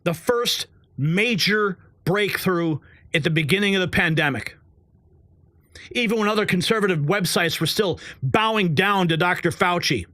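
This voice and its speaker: A man hosts a live online news show in a fired-up, indignant rant. His voice sits on the higher side and he leans into sarcasm and hard emphasis. The sound is dry, with no room echo. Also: pushed and bright.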